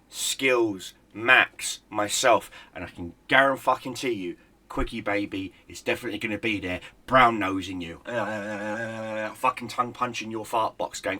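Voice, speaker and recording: A man's voice: on the low side, pushed and bright, no echo. A middle-aged man, a gaming YouTuber, in a heated, profane, sarcastic rant. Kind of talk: angry ranting commentary.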